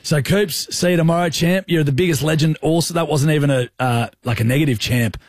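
A man's voice: fairly high pitch, fairly quick, no echo, clean studio sound. A young man with an Australian accent, hosting a radio show with teasing, joking banter. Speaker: radio host. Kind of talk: casual on-air banter.

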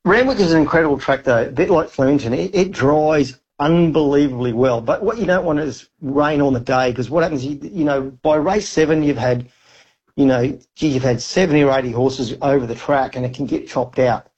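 A man's voice: a little high, fairly quick, a little mellow, slightly rough, muffled recording. An Australian man giving racing tips on a radio show, talking enthusiastically with lots of fillers. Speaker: racing tipster on the phone. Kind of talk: casual radio chat.

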